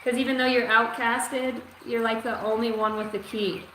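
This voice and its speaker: A woman's voice: on the high side, moderate pace. Rambling profane woman giving a live psychic reading. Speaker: psychic reader. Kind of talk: live-streamed intuitive reading. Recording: echoey room with steady noise.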